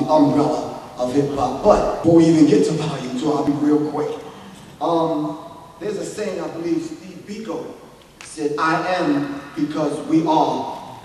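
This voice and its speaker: A man's voice: a little high, warm tone. A man from Long Island, New York, giving a public lecture in a preacherly way that builds to emphatic, rising delivery. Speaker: speaker at an event. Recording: echoey hall, distant mic, faint noise.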